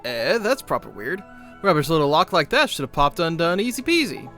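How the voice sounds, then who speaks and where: Mister Drippy, brash fairy. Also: male voice, fairly high pitch, sing-song, a little fast, fairly bright tone, faint music behind. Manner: brash, slangy, teasing. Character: chatty cheeky little male fairy sidekick. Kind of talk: video game voice acting.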